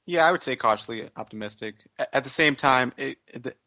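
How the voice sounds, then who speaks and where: A man on a casual podcast, giving measured, hedged opinions. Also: medium pitch, bright, forceful tone. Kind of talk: casual chat. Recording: dull lo-fi mic.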